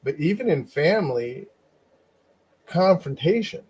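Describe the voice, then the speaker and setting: A man in casual conversation, reflecting in a measured way and murmuring agreement while the other man speaks. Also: a little high, expressive, a little mellow, husky. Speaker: podcast co-host.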